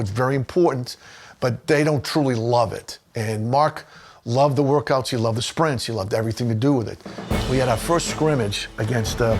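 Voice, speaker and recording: A man who coached high school football, telling stories in an emphatic documentary interview.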